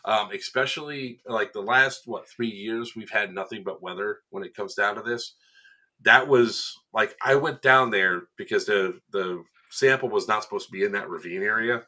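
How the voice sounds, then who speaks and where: A man on a casual podcast recounts a day out on the field with real animation. His voice sits on the low side but has a bright, forward edge. He slips into quoted lines and laughs often. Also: normal speed. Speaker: event staff member recounting a game day.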